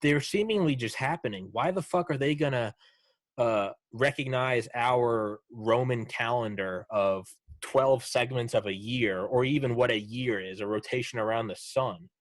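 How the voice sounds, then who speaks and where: A man of middle pitch talking casually on a podcast, sarcastic and animated, and he swears a lot. The sound is dry and close, with no room in it. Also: moderate pace, dry recording. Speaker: podcast host. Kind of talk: casual chat.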